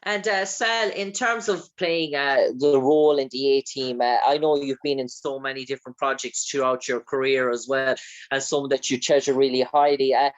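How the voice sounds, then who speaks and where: A man's voice: mid-range voice, fairly even intonation, moderate pace, highs cut off. Rambling male interview host. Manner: long rambling questions with many fillers. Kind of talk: interview questions.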